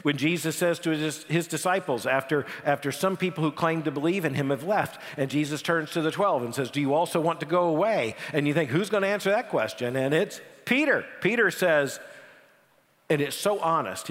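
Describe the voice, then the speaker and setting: A man preaching a sermon, animated, with dramatic pauses and frequent repeated words for emphasis. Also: fairly high pitch. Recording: long hall reverb.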